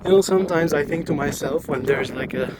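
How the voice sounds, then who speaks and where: A man's voice: a little high, fairly quick, over a noisy crowd. A man vlogging as he walks outdoors at ancient ruins, thinking aloud with a joking, self-mocking manner. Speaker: travel vlogger. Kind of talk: casual walk-and-talk narration.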